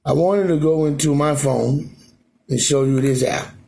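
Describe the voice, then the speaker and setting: A man's voice: on the high side, a little slow, gravelly, dark tone. A man talking loosely to his phone camera at home in Alaska, rambling and repeating "you know what I'm saying". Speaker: vlogger. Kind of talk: rambling casual monologue.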